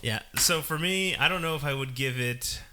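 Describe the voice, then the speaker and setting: Bright, lively male podcast co-host, casual, laughs easily. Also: a little high, moderate pace. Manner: animated, laughs a lot. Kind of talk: casual chat.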